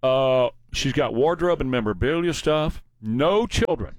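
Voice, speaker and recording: A man hosting a talk show, telling stories in a casual, animated way. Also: medium pitch, unhurried, no echo. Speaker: radio show host.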